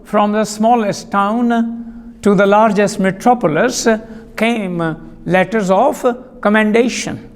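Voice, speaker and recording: A male teacher giving a classroom vocabulary lesson, speaking deliberately, spelling out words and repeating sentences for dictation. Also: high-pitched, long reverb tail.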